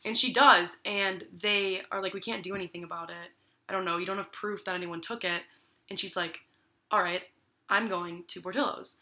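A young woman tells a story in easy, casual talk. She acts out each person's lines and fills her talk with "like." Her voice is very bright and clear. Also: on the low side, normal speed. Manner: lively storyteller, acts out quotes with many "like"s.

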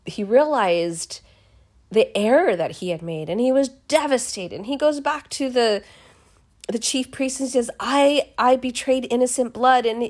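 Chatty woman retelling scripture casually. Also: fairly high pitch. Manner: chatty, expressive, with frequent restarts. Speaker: podcast host reading the Bible.

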